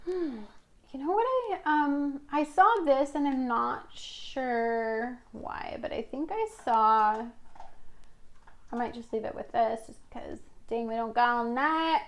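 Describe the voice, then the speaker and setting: A woman's voice: a little high, slow pace. A woman giving a casual tarot reading, talking in a chatty, rambling way with fillers. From Washington state. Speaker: tarot reader.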